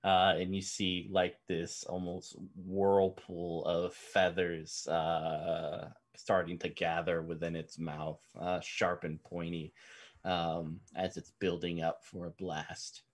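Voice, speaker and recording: A man running a tabletop game as game master, describing scenes softly and unhurriedly with many pauses and ums. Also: low-pitched, level tone.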